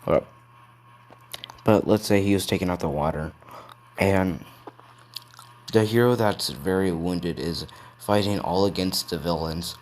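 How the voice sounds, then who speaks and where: A man's voice: low voice, a little slow, long pauses, darkish tone. A man improvising a fan story, rambling and correcting himself as he goes.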